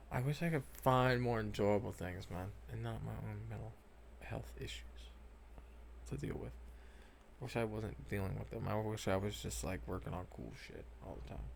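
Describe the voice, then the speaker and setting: A young gaming vlogger talks casually over gameplay footage, rambling, swearing a lot, and often trailing off. His voice sits on the low side and is gravelly, with a moderate pace and slight background noise.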